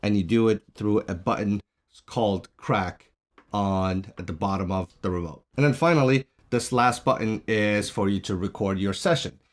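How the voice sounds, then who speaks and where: A man's voice: on the low side, moderate pace. A man reviewing a product, casually walking through its features one by one in a plain explanatory way. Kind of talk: casual product demo walkthrough. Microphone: shotgun mic on a stand.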